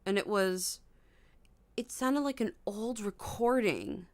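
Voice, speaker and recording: Young woman, livestream host, casual chat, dry close mic, mid pitch, startled, hushed. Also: lively intonation, slow, dry recording. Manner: startled, mimics melodies with high "da da" humming. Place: home bedroom at night.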